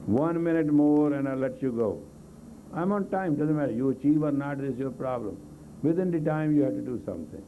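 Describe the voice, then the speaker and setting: A man's voice: mid-range voice, lively intonation, fairly quick, slight background noise. A man leading a live group exercise class, giving blunt, coaxing commands in non-native English grammar. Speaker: meditation teacher. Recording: tinny lo-fi 1980s tape of a live talk.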